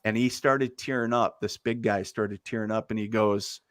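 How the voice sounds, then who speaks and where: A man's voice: lowish voice, steady tone, moderate pace, hardly any pauses, a bit bright, no echo, studio quality. Rambling man telling a story. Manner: rambling, many fillers, laughs easily. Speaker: guest medium. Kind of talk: casual storytelling.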